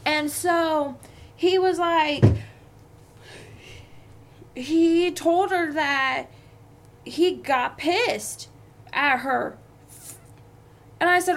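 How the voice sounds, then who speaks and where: A young woman talks through workplace drama on her podcast, swearing freely as she vents. Her voice sits high. She takes her time, drawing words out slowly. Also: a bit bright. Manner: profane, venting, heated. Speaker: podcast host. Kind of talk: casual storytelling monologue.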